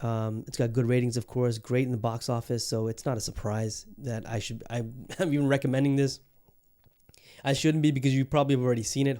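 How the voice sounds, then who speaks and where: A man's voice: mid-range voice, vocal fry, mellow. A man hosting a podcast, reviewing a film in casual, rambling talk full of fillers, restarts and swearing. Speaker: podcast host.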